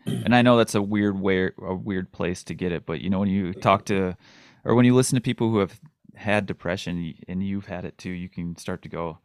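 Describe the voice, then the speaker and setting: A man hosting a podcast, chatting loosely and throwing in quick asides. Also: low voice, clean tone, no echo, clean studio sound. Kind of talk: casual podcast conversation.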